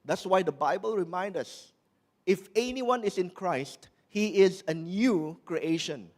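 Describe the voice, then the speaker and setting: Earnest male preacher, slightly raised pitch, slows for scripture and sometimes restarts words. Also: lively intonation, darkish tone. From Malaysia. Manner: earnest preaching, slowing and pressing on scripture quotes. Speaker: pastor. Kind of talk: sermon.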